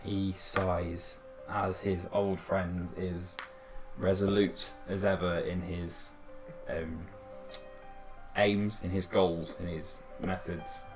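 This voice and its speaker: A man narrating a tabletop game as dungeon master, measured and descriptive. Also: low-pitched, level tone, music in the background.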